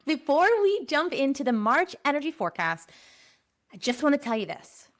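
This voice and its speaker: A podcast host from Pennsylvania delivers a playful monologue forecasting the month's spiritual energy. Her voice is high-pitched and sing-song, and she laughs often and stretches key phrases out slowly.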